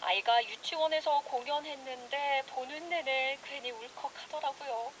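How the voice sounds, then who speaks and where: Female radio host, high and rapid, bilingual, dull radio sound. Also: a bit bright. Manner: switches rapidly between Korean and slow, clearly spelled English. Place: radio studio. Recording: dull radio broadcast with faint hiss.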